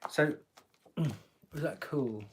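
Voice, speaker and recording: Against a noisy background, a man with a fairly high voice talks very slowly into his phone while giving a live-stream tarot reading. His manner is chatty and jokey, with frequent laughter and casual swearing.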